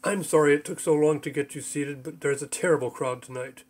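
Guy reading as a nervous clumsy chef, says sorry a lot, kinda high voice. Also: fairly quick, darkish tone, close to an everyday voice. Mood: flustered apologetic. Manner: apologetic and flustered. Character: bumbling nervous male restaurant chef.

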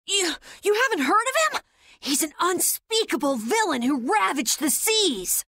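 A woman's voice: extremely high pitch, very animated, a little slow, a bit bright, no room sound, full character voice. An actress voicing a polite young noblewoman in a video game, earnest and curious. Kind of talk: game voice acting. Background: game music.

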